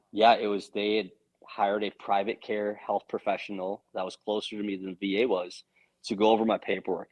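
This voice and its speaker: A man talking as a podcast guest, telling a story in a casual, earnest and animated way, swearing now and then. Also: lowish voice, muffled recording.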